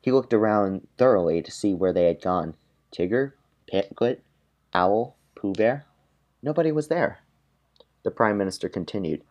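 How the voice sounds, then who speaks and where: A man on a podcast reading a dark comic story in a deadpan way and chatting with chuckling asides. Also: deep voice, normal speed.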